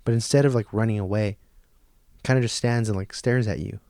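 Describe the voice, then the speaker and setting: A man in his thirties hosting a podcast, delivering a profane comic monologue that swings from hushed nature-documentary whispers to loud rants. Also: lowish voice, fairly even intonation, brisk, no echo, clean studio sound. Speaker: podcast host. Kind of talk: comedic monologue.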